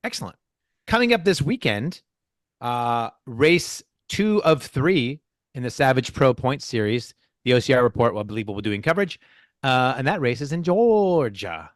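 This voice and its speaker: A man co-hosting a casual podcast, reading race results in a playful, excitable way and tripping over names. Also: medium pitch, normal speed, no echo, studio quality. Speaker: podcast co-host.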